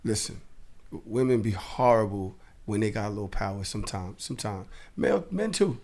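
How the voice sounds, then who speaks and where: Hoarse man, podcast co-host, casual banter, lively up-and-down pitch, loud animated bursts. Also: a little fast. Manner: animated storytelling, bursts into laughter and shouting. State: hoarse, losing his voice.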